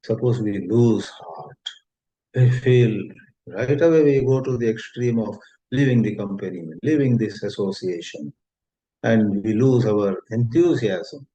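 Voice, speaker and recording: A man with an Indian English accent giving a spiritual talk, gentle and unhurried, telling a story and rephrasing his words as he goes. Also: fairly low pitch. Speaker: spiritual teacher. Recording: dull lo-fi recording.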